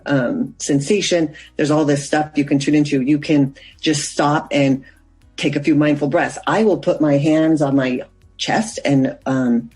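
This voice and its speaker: Husky woman explaining calmly. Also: low voice, unhurried, faint music behind, rough recording. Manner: earnest, explanatory, loose sentences with fillers. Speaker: mindfulness coach, guest. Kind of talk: interview answers.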